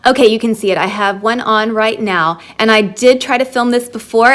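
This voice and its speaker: Facing the lens at home, a woman reviews a beauty product for her camera's microphone, keeping it casual, chatty and self-deprecating. She's a beauty vlogger whose slightly high, somewhat bright voice moves at a moderate pace with few pauses.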